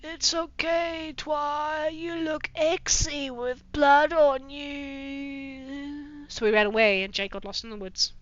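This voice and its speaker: A woman's voice: high voice, fairly even intonation, slow, a bit bright, dry recording, lo-fi sound. A woman doing a comedic dramatic reading of fanfiction, breaking off for sarcastic, swearing asides and putting on mock-dramatic voices. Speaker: streamer reading fanfiction aloud.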